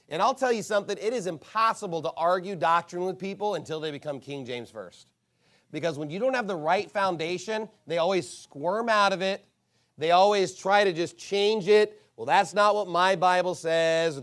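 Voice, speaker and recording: High-voiced man preaching forcefully. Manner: forceful, emphatic preaching with rising outbursts. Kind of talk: sermon.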